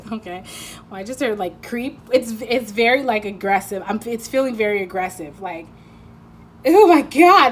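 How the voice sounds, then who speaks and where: A woman's voice: medium pitch, a little hiss or hum. A woman giving a casual intuitive card reading, rambling and chatty with lots of fillers and frequent laughs. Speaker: tarot reader.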